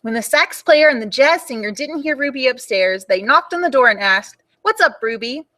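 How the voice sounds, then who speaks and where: A young woman reading a picture book aloud for children at storytime, in an animated and expressive way. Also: sits high, normal speed.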